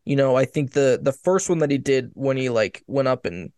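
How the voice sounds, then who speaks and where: A man's voice: medium pitch, lively intonation, moderate pace, a little mellow, dry recording, clean studio sound. A man chatting casually about sports, rambling and restarting his sentences with emphatic bursts.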